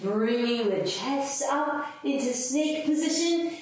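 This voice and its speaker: A woman's voice: high-pitched, slow pace. A woman leading a children's yoga lesson in a playful, sing-song way, making animal sounds along with the kids. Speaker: kids' yoga teacher. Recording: echoey room, voice from a distance, faint noise.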